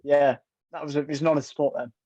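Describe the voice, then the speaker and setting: A man's voice: a little high, steady tone, very fast, dark tone, dry recording. A young man, chatting casually in a band interview and telling a story with easy local slang. The recording is dry and a bit muffled. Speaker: band member guest. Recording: dry, slightly dull sound.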